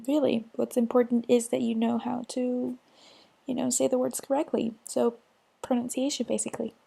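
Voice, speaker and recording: A woman, adding a relaxed, reassuring voice-over aside with a few ums. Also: fairly high pitch, normal speed, creaky, husky. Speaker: video host adding an edited aside.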